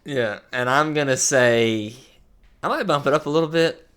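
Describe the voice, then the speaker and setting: A man's voice: mid-range voice, moderate pace, fairly bright tone, smooth. A young man co-hosting a casual podcast, teasing his friend and giggling. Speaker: podcast co-host. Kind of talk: casual chat.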